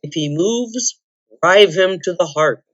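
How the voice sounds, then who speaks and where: A loyal male unicorn speaks solemnly in archaic phrases, proud and fierce, as a woman reading a storybook puts him on. The voice sits fairly low, and the recording is dry with a slightly muffled sound. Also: takes it slowly, no echo.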